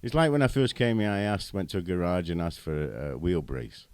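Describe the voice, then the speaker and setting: A middle-aged man with a British accent and a deep, low voice. He talks in a chatty way and tells animated anecdotes. The sound is dry and close, with no room echo. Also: brisk, smooth. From Britain. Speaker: interview guest. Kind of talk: casual interview chat.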